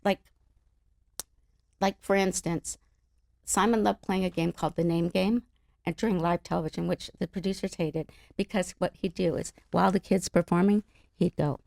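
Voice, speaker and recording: A middle-aged woman from the Los Angeles area, an interview guest telling stories in an animated, laughing way. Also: on the low side, moderate pace, vocal fry, no echo, studio quality. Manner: animated, laughing, acts out other people's voices. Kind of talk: casual storytelling chat.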